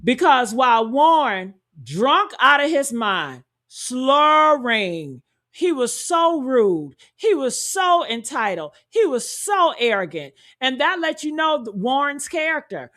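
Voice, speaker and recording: A woman's voice: high-pitched, very animated, slow, fairly bright tone. A woman hosting a true-crime commentary, talking straight to her viewers with emphatic rhetorical questions and calling them honey and y'all. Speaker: commentary host.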